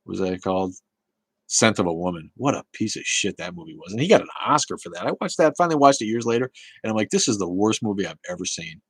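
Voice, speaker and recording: A man hosting a casual live talk show, rambling and swearing, with many halting restarts as he answers viewer chat. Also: on the low side, animated, husky, no room sound, poor audio.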